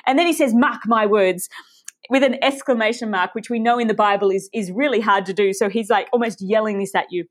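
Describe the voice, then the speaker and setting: A woman's voice: medium pitch, a little fast. A woman preaching a sermon, speaking with passion and emphasis and addressing her listeners directly.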